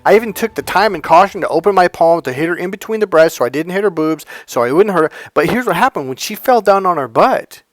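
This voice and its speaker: A man's voice: high-pitched, lively intonation, fast talker, few pauses, dry recording. A man working as a dating coach, delivering a motivational monologue through emphatic, profanity-laced storytelling.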